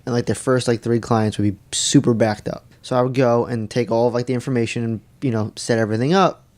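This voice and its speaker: A man's voice: mid-range voice, fast talker. A man co-hosting a casual podcast, telling a story with lots of swearing and acted-out dialogue. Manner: animated storyteller, swears freely. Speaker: podcast co-host. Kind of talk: casual chat.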